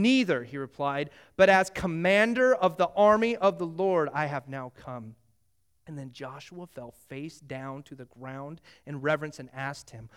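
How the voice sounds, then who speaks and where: A middle-aged male pastor delivers a sermon in a notably high voice. He tells the story animatedly and acts out the dialogue between the biblical characters. He moves between casual asides and earnest appeals to the listener. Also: smooth.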